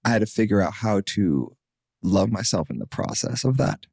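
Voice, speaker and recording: A man's voice: lowish voice, moderate pace, vocal fry, husky, dry recording, studio quality. A young man in his twenties, a singer-songwriter guest on a podcast, telling his story casually with lots of fillers and acted-out quotes. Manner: animated, acts out quotes, many fillers.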